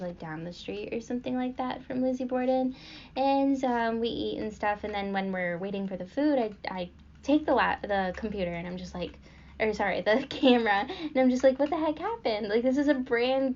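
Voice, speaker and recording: Slightly mellow and medium in pitch, a young woman's voice carries a casual podcast story packed with fillers and little laughs. The lo-fi recording is dull and has a faint hiss or hum.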